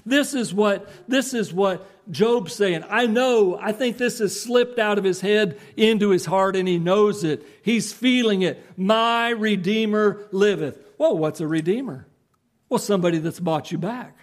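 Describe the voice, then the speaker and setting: A man preaching a sermon, explaining scripture earnestly and emphatically, with rhetorical questions to his listeners. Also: sits high. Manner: reads scripture slowly in old-fashioned English.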